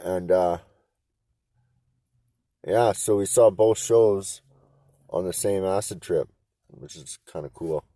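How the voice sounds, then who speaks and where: A man's voice: low-pitched, takes it slowly, long pauses, dark tone, no room sound. A man from Canada telling a rambling, profane story in casual talk. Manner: rambling, profane, laid-back. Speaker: interviewee.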